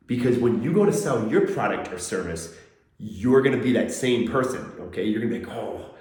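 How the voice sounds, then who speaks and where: A man giving a casual motivational talk with a lively, swooping delivery. He slips into little acted-out quotes while telling a personal story. His voice bounces around a strongly echoing room. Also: lowish voice. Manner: animated storytelling, acts out quotes. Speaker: motivational host. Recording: very echoey room.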